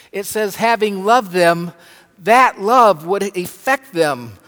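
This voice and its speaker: A man preaching a sermon as pastor, slow and emphatic, stressing words with pauses. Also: sits high, fairly bright tone. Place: church sanctuary. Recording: long hall reverb.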